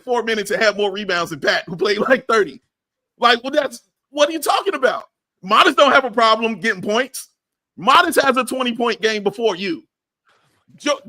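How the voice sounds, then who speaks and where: A man's voice: very high voice, sharp tone. A man co-hosting a sports podcast, ranting heatedly in casual talk and repeating phrases for emphasis. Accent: Chicago.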